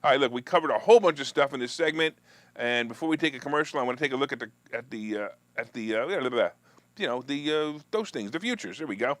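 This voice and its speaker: This live stock market show host talks fast with lively intonation on a dry recording, loosely chatting about finance and politics. He jokes with his audience, restarts and digresses, and mocks his opponents in a high, whiny voice.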